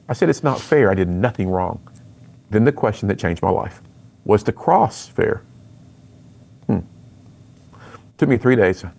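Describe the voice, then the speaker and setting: Gravelly-voiced man telling his story. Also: lowish voice, a little mellow. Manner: earnest storytelling, acts out quoted dialogue. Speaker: youth speaker and author. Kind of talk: personal testimony in an interview.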